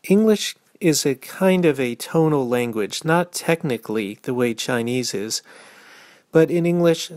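A man who teaches English explaining intonation in a calm, measured way and acting out short dialogues. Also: medium pitch, no room sound, clean studio sound.

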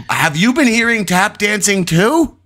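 A man voicing a panicked male prank caller in a strained, high falsetto. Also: pushed and bright, full character voice. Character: frantic squeaky-voiced male prank caller.

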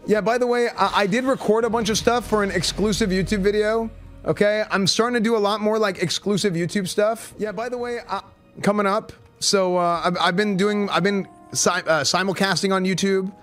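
A young man streaming a game, chatting excitably and rambling with lots of restarts. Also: high-pitched, brisk, soft background music. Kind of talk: casual live-stream chat.

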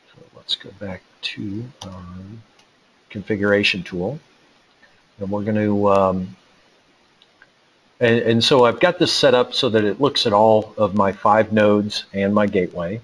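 A man's voice: on the low side, breathy edge, low-quality recording. A man presenting a technical webinar, walking through a live demo in a casual way with lots of fillers and restarts. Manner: casual, thinks aloud with many fillers. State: out of breath.

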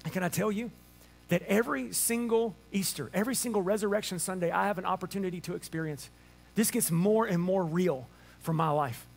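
A man preaching an Easter sermon to a church congregation, animated and playful, acting out little voices for laughs. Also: high-pitched, fairly quick, creaky. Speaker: pastor. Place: church sanctuary before a congregation.

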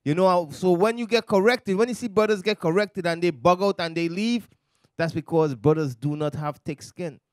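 Preacher dude, exhorting, fairly high voice, dry sound. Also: male voice, moderate pace, darkish tone, no room sound. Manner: exhorting, repeats "you understand?". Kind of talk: preaching to a men's gathering.

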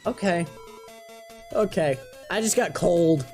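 A man giving let's play commentary, excitable and yelling out his reactions. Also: high-pitched, takes it slowly, faint music behind. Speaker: gamer.

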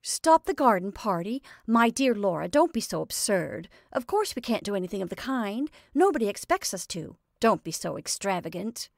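A woman's voice: on the low side, unhurried, few pauses, darkish tone, no room sound, clean studio sound. A woman reading aloud, voicing an impatient young woman who scolds her sister dismissively. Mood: scolding.

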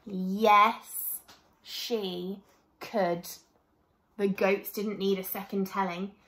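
Slow, gentle woman reading a children's story. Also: mid-range voice, echoey room. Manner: gentle, expressive, addresses children directly.

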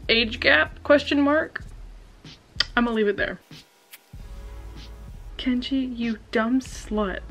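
A woman's voice: a little high, a bit bright, low-quality recording. A young woman vlogging her live reactions to a book, gasping, shrieking and swearing freely, recorded on a camera at home. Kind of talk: casual reading reaction vlog. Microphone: camera on a stand.

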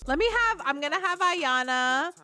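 Bright, chatty young woman gaming. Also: sits high, expressive, moderate pace. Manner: chatty, gossipy, swearing, laughs often. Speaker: let's play creator. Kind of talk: casual gameplay commentary.

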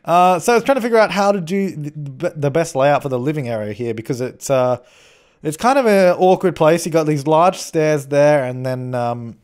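A man's voice: medium pitch, a little mellow. A young man giving a chatty, rambling voice-over commentary on a building game, often restarting his sentences and teasing himself. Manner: chatty, rambling, self-mocking, frequent restarts. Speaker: game channel host.

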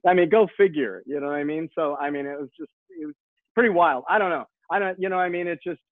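A man in his sixties, a guest rock musician, telling stories in an excitable way with many repeated words and restarts, heard over a phone line. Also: fairly high pitch, quick pace, dry recording. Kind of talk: animated storytelling. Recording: tinny phone line, dry.

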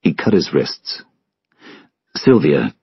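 Deep, slow male audiobook reader, husky, lively pitch; muffled dry recording. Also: no room sound. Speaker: audiobook narrator. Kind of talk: scripted story narration for English learners.

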